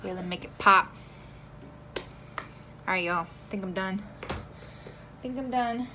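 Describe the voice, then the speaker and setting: A woman's voice: medium pitch, slow pace, bright, forceful tone, a little hiss or hum. A young woman chatting playfully with viewers on a phone livestream while doing her makeup. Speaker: beauty vlogger. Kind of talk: casual livestream makeup chat.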